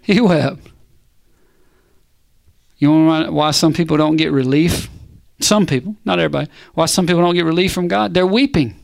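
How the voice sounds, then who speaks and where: A man preaching a sermon, animated and punchy, firing rhetorical questions and calls back to the congregation. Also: on the high side, moderate pace, gravelly.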